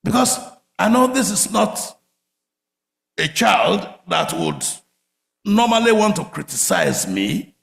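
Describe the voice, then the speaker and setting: A man preaching a sermon, telling stories with big swings from loud outbursts to quiet murmurs. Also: high voice, slow, gravelly, long pauses. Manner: animated storytelling, swings from shouts to murmurs. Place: church sanctuary. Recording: echoey church hall.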